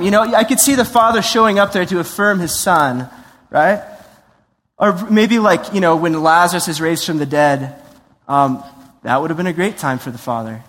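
A high-voiced man preaching with lively, conversational energy, slipping into acted-out voices and quick asides. His voice rings out in a large hall with a long reverb tail. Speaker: pastor. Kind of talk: sermon.

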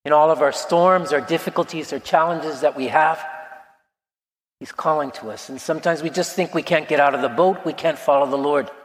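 Gentle priest around sixty, echoing hall. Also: male voice, on the high side, a little fast. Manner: gentle, reflective storytelling. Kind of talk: sermon. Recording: long reverb of a large hall.

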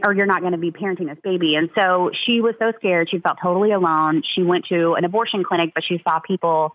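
A woman's voice: on the low side, dry recording. Earnest woman on a tinny phone line. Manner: earnest, heartfelt storytelling. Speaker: ministry founder and author. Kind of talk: guest storytelling in an interview.

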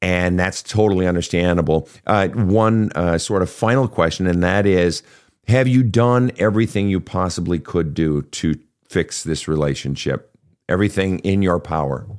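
A man with a very deep voice hosts a counseling podcast. He talks to his caller in an earnest, frank way and lets a curse slip now and then. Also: normal speed, a little mellow. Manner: frank, earnest, profane at times. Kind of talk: counseling call-in talk.

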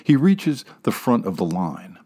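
A man reading a story aloud as narrator, wry and sardonic, dropping into hushed asides. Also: mid-range voice, huge pitch swings, a little slow, breathy edge. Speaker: audiobook narrator. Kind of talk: scripted narration.

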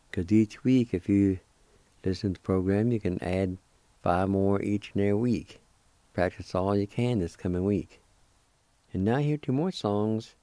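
A male radio host giving a language lesson, spelling and pronouncing words slowly and deliberately. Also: lowish voice, mellow, no room sound.

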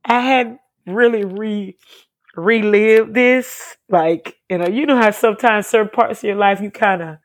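A woman's voice: medium pitch, unhurried. A woman giving an emotional personal testimony as an interview guest, talking earnestly and repeating herself as she tells her story.

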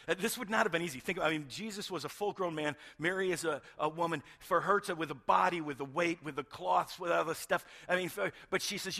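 A middle-aged male pastor preaching a sermon, retelling a story with hushed moments and emphatic build-ups. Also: fairly high pitch, fast, creaky, few pauses. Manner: animated storytelling, swings between hushed and emphatic.

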